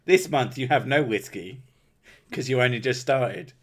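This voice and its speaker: A man's voice: medium pitch, normal speed. A man hosting his own stream, swearing and joking his way through casual banter with friends. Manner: crude, swearing, joking loudly. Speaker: streamer and channel host.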